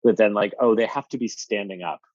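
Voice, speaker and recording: A man appearing as a podcast guest, chatting in a relaxed, thoughtful way with hesitations. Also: lowish voice, a little fast, no room sound, muffled recording. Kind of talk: casual chat.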